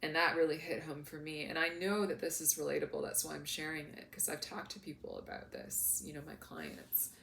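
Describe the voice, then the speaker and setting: A woman talking in a casual, heartfelt vlog as a spiritual coach, soft and earnest with many fillers. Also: sits low, steady tone, fairly quick, creaky, hardly any pauses. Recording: echoey room with faint noise.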